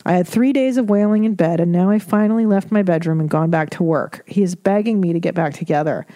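A woman's voice: lowish voice, expressive, quick pace, hardly any pauses, mellow, no room sound. A woman comedian hosting an advice podcast, reading listener emails and giving blunt, profane, candid advice. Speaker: podcast host.

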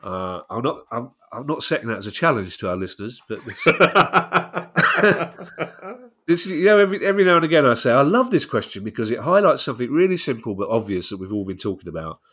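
A man's voice: medium pitch, very animated, a little fast, fairly bright tone. A middle-aged man co-hosting a podcast, bunged up with a cold, talking in a wry, teasing way. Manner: wry, teasing, laughs easily. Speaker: podcast co-host. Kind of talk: casual podcast chat.

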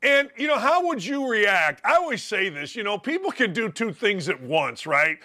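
A man from Indiana hosting a casual sports interview, jokey and animated and quick to laugh. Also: high voice. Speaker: host.

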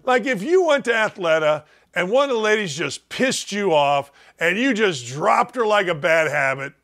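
A high-voiced older man ranting on a sports talk show. He mocks loudly and then sinks into slow, low asides to drive a point home. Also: animated. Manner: loud, mocking, dips low and drawn out for emphasis. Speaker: radio sports host. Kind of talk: opinionated sports talk rant.

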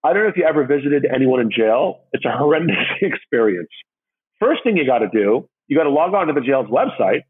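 Over phone-quality audio, a man tells his own story very animatedly and briskly, his voice carrying a breathy edge. He acts out the other people's voices with big jumps in pitch.

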